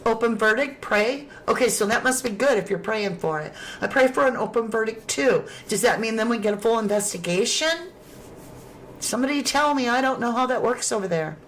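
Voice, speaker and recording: A woman's voice: a little high, fairly quick, slight background noise. A woman hosting a true crime livestream, reading viewer chat aloud in a casual, affectionate way. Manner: affectionate, calls viewers sweetheart and lovelies.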